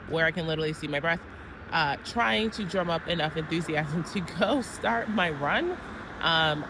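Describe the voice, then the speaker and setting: A woman's voice: low voice, noisy background. A woman vlogger talking casually to her camera, chatty and rambling with frequent fillers. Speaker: crafting vlogger. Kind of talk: casual vlog chat.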